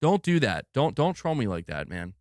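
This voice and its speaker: A man's voice: medium pitch, very animated, normal speed, a little mellow, no room sound, clean studio sound. A man ranting on his live stream, exasperated and swearing a lot. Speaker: gaming news streamer.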